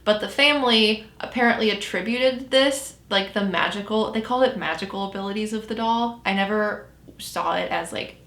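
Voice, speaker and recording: A woman's voice: mid-range voice, normal speed, a bit bright, roomy sound. A woman hosting a podcast, casually telling a story and often correcting herself as she goes. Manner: chatty, self-correcting storyteller. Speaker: podcast host.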